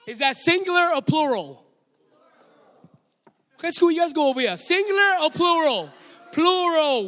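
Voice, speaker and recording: A Hawaiian-accented man preaches with a strikingly high voice, leading the congregation in call-and-response. His words ring out through a long reverberant hall. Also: animated, unhurried, long pauses, bright, forceful tone. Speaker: pastor. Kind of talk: sermon. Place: church sanctuary.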